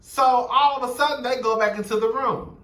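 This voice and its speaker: A man's voice: very high voice, fairly even intonation, normal speed, bright, forceful tone, reverberant, far from the mic. A young man giving a sassy, blunt, profane recap of a reality TV episode, gossiping and quoting the cast. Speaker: show recap commentator.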